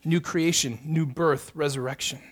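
A man with a fairly high voice delivers a sermon with earnest conviction. He presses each point by repeating phrases, rising in emphasis as he builds. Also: steady tone, normal speed. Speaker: pastor.

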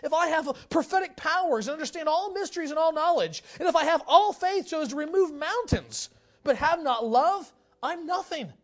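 High-voiced animated preacher. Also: moderate pace. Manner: animated, conversational asides, builds to shouting. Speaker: pastor. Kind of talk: sermon.

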